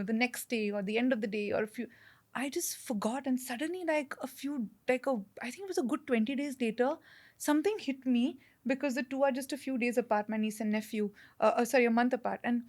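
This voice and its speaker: A woman chats as a podcast guest, her voice sitting a little high. She talks in lively bursts, full of fillers and restarts. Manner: chatty, animated, many fillers and restarts. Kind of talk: casual conversation.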